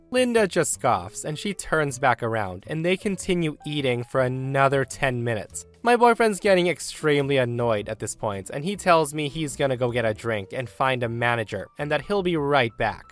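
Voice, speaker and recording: A man's voice: medium pitch, a bit bright. A man narrating a first-person story aloud, giving quoted people their own raised voices.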